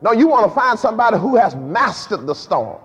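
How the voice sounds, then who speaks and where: Animated husky-voiced man in a hall. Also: high-pitched, fairly quick. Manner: animated preaching with repeated words and dialect. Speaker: pastor. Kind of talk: sermon. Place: church sanctuary. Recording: dull lo-fi recording with long hall reverb.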